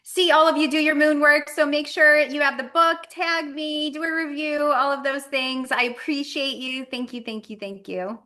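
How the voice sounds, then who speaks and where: A woman's voice: sits high, steady tone, moderate pace, few pauses, bright, forceful tone. A woman author as a podcast guest, upbeat and grateful as she says goodbye. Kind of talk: casual podcast chat.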